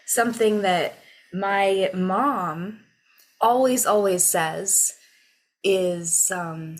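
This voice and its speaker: A woman co-hosts a casual podcast discussion, working through her thoughts slowly and carefully. Her voice sits a little low, and she leaves long pauses filled with ums and likes. The delivery is relaxed and reflective. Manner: unhurried, thoughtful, lots of fillers. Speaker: podcast co-host.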